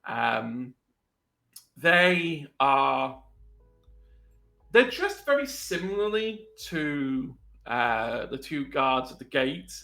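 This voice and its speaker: A man narrating a tabletop role-playing game as game master, hesitant and full of pauses. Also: medium pitch, sing-song, sharp tone, reverberant, faint music behind, rough recording. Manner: hesitant, many ums, puts on quick voices for characters.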